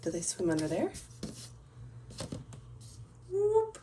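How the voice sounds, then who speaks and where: A woman reading a children's picture book aloud and narrating toy play, in a soft, hushed voice with playful voices for the characters. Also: medium pitch, animated, normal speed, far from the mic, noisy background. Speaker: storyteller playing with toys.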